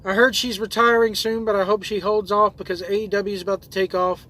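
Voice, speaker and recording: A man's voice: high-pitched, fairly bright tone, slight background noise. A man who drives trucks and hosts his own videos, reading viewer comments aloud in a loose, rambling way with lots of fillers and restarts.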